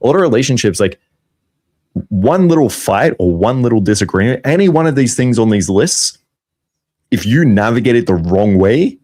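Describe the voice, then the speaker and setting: A man's voice: medium pitch, very animated, normal speed, darkish tone. A man in casual podcast chat, blunt and profane, with many fillers.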